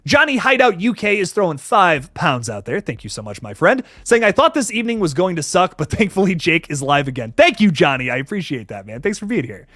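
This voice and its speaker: A young man hosting a live stream, talking fast and loose with plenty of swearing and shout-outs to chat. His voice is fairly high and swings widely in pitch. The sound is close and dry. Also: no echo. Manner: animated, swears often, reads chat aloud.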